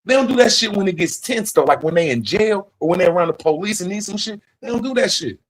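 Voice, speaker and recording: A man's voice: sits high, expressive, fast talker, rough recording. A man hosting a livestream, talking in a profane, rambling, emphatic casual rant. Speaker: livestream host.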